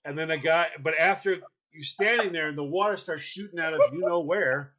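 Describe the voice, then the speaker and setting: A man chatting casually and telling a funny story, acting out the people in it with lively energy. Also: a little high, fairly quick, lo-fi sound. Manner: animated, acts out people in his stories.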